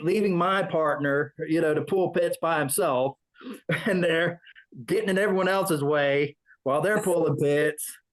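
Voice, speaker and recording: On a rough recording, a man with a voice on the high side, a veteran, is being interviewed. He tells a rambling, casual story and performs the voices of those he quotes.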